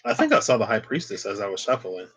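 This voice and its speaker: A man's voice: lowish voice, huge pitch swings, fast, noisy background. Chatty man giving a tarot reading. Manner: chatty, lots of "like" and playful asides. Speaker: tarot reader.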